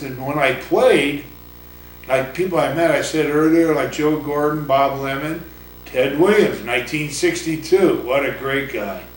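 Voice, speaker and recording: A man's voice: medium pitch, a little hiss or hum. An older man, a former baseball coach, talking bluntly in a casual interview, rambling with fillers. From California. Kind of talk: casual oral-history interview. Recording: roomy, distant mic, faint ambience.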